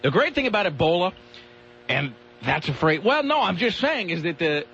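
A man's voice: high-pitched, sing-song, moderate pace, a bit bright, dull audio, a little hiss or hum. A man hosting a talk radio show, bantering in a joking way with wry asides.

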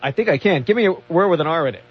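High lively voiced sidekick guy tossing dry one-liners, muffled radio with faint hiss. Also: rapid-fire, husky. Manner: dry joking quips. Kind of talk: comedic talk radio banter.

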